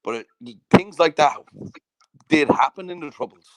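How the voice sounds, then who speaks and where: A man's voice: fairly high pitch, expressive, normal speed, no room sound. Southern Irish male host, chatty storyteller who swears freely, in a dry, close-miked sound. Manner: sweary storytelling, constantly asking "do you know what I mean". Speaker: podcast host. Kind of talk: casual chat.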